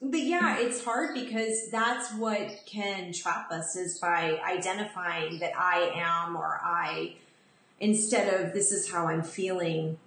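A woman hosting a podcast, chatting casually, self-deprecating and quick to laugh. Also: fairly low pitch, fairly even intonation, a bit bright, echoey room. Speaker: podcast host.

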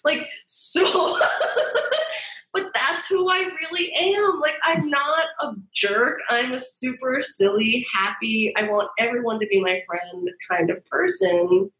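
A woman guest telling her story candidly, animated and profane, acting out quoted voices. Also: sits high, measured pace, creaky, hardly any pauses. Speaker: guest designer. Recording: roomy echo.

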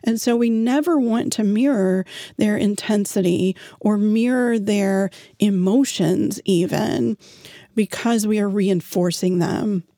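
Female parenting coach, slow measured delivery, direct rhetorical address, dry close sound. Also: mid-range voice, dark tone, no room sound. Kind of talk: advice monologue to parents.

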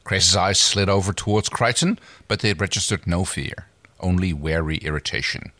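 Low-voiced man reading a story. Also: moderate pace, pushed and bright, no room sound. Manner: laughs easily, apologetic slips. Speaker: co-host reading a story aloud. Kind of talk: reading aloud with joking asides.

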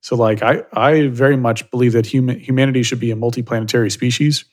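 A man talks as an interview guest in a loose, rambling way, full of "you know" and "like" fillers. His pitch sits in the middle and he stays thoughtful. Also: fairly even intonation, fast. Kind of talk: casual conversational interview. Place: Silicon Valley.

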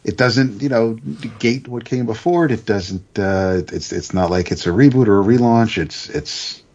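A man casually recapping a comic book issue, halting with many restarts and fillers. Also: fairly low pitch, darkish tone, highs cut off. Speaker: comics podcast host.

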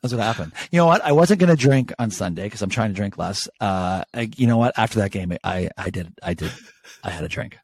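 A man's voice: fairly low pitch, brisk, vocal fry. A man co-hosting a casual sports podcast, telling stories about his bets with lots of swearing. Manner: animated, swearing, storytelling. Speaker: podcast co-host.

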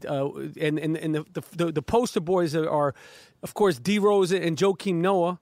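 A man's voice: a little high, normal speed, a little mellow, dry recording, clean studio sound. A man hosting a comedic sports podcast, stammering and repeating words as he talks. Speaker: podcast host.

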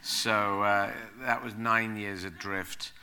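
Bright-voiced man telling rambling stories. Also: on the low side, slow, a little hiss or hum. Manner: rambling, self-correcting, animated. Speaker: guest. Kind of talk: casual chat, anecdotes.

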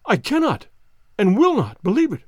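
A man reading an audiobook, voicing a distraught, excitable older banker who pleads and exclaims. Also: high-pitched, moderate pace, dry recording, studio quality. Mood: overwrought.

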